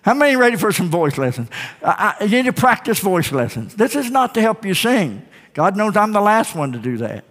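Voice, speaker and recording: A male pastor preaching a sermon in a church, emphatic and rising to shouts, calling for responses from the congregation. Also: high-pitched, big pitch swings, fairly quick. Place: church sanctuary. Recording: long hall reverb.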